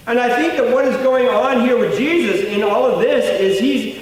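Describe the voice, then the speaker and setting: A high-pitched man preaches a sermon, explaining as he goes and restating points in a relaxed, conversational way. He is heard from a distance in a large church hall. Long reverb hangs on every phrase. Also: brisk. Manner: conversational and explanatory, rephrasing and repeating himself. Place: church sanctuary.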